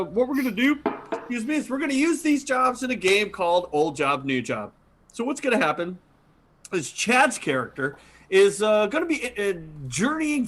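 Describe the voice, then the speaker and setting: Playful high-voiced male improv host. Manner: playful, animated, drifts into accents. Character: male scuba instructor at a fish and flower shop. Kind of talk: improv comedy scene and game intro.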